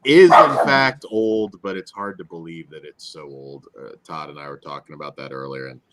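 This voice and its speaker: A man hosting a casual movie review podcast, animated and chatty, reading a synopsis and leading the ratings. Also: a bass voice, normal speed. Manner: animated, reads synopsis, frequent laughs. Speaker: podcast host.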